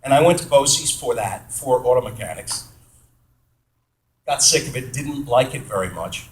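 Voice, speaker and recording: A man's voice: medium pitch, normal speed. Chatty man telling stories in a roomy hall. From New York State, USA. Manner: chatty, animated storyteller, self-deprecating, acts out quoted voices. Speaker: actor answering fan questions. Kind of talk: casual storytelling at a Q&A panel.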